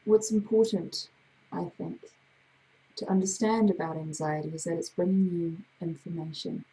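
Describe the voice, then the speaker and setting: A woman hypnotherapist with a gravelly voice, leading a slow, soothing guided breathing exercise. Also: on the low side, dark tone, poor audio. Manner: slow, soothing, drawn-out guidance.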